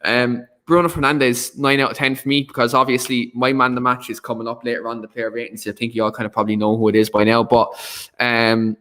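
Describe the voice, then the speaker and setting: A man's voice: mid-range voice, flat delivery, quick pace, a bit bright. A man hosting a casual football chat, reading out viewer comments between filler words. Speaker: host.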